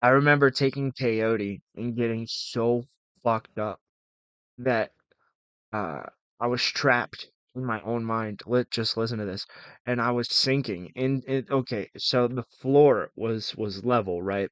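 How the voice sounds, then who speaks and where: A man's voice: mid-range voice, a little slow, a bit bright, smooth, dry recording, highs cut off. Dry, close-miked male commentator. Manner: laughs often, blunt and mocking. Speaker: stream commentator. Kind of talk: casual reaction commentary.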